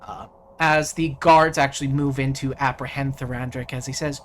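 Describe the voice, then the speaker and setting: A man narrating as game master, unhurried and dropping in frequent fillers. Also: mid-range voice, steady tone, a bit bright, slight background noise.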